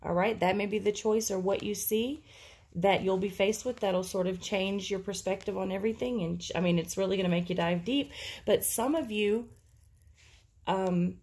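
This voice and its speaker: A woman's voice: mid-range voice, moderate pace, darkish tone, husky. A woman giving an intuitive tarot reading, talking casually and thinking aloud with many fillers. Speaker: tarot reader.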